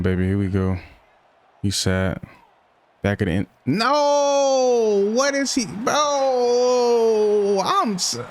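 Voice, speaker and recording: Young male gaming streamer, slightly low voice, casual slang-heavy play-by-play with frustrated outbursts. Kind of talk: live gameplay commentary.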